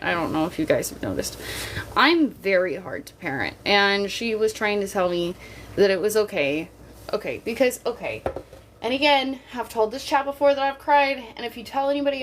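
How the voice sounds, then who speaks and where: A woman's voice: mid-range voice, slight background noise. A woman streaming live, a mother chatting candidly with her viewers in a jokey, casual way and swearing now and then. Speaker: livestreamer.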